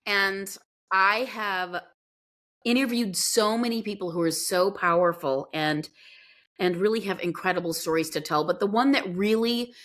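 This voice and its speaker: A woman guest in an interview, telling a story in an earnest, animated way. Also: medium pitch, normal speed. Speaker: podcast guest.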